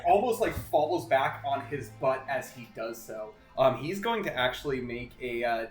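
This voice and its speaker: A man runs a tabletop game as game master, talking in a loose, rambling way. His voice sits in a roomy, echoing space, with faint music underneath. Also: medium pitch.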